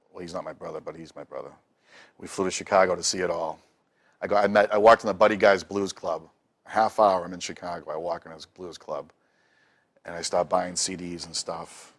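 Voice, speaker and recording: A middle-aged man tells stories in a relaxed, chatty way. His voice sits a little low, and he slips into the voices of the people he talks about. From Boston. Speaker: musician guest. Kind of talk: casual storytelling.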